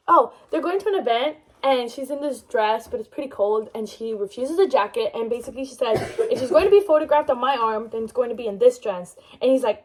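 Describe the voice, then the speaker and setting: High-voiced gushing young woman. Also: brisk, a little hiss or hum, poor audio. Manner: gushing, rambling, many fillers and restarts. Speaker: book vlogger. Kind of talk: casual book review chat.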